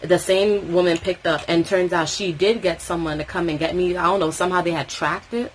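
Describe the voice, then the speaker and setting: A young woman from Tobago telling a story in casual vlog chat, animated and swearing freely. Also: on the low side, fairly quick, slight background noise, rough recording. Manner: animated, swearing freely, acting out quoted voices.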